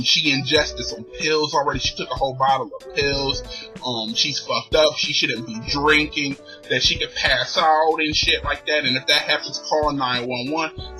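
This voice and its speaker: A man's voice: fairly high pitch, poor audio. A young man vlogging, telling a long personal story in loose slangy talk and laughing as he goes. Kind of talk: casual storytelling.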